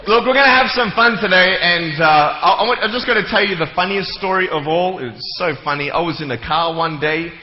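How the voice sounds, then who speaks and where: In a large, echoey hall with slightly dull sound and a bit of background noise, a young motivational speaker with a fairly high voice jokes with a live audience, acting out little scenes as he goes.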